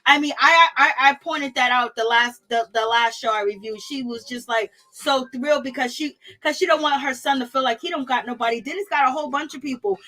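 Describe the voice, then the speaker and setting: A woman's voice: high voice, a little fast, hardly any pauses. A woman host reviewing reality TV in casual, gossipy commentary, laughing often and greeting viewers in her chat. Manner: animated, gossipy, laughs often, African American Vernacular phrasing.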